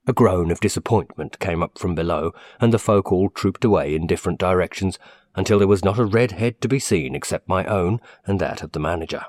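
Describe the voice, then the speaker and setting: A man reading a classic story aloud in the first person, measured and expressive. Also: low voice, dry recording, clean studio sound. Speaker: audiobook narrator.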